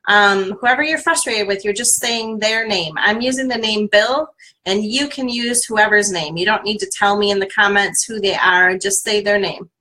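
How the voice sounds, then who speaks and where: Woman coach, bright voice, leads a tapping exercise and repeats a name for listeners to echo. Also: a little high. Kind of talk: guided tapping exercise on a live stream.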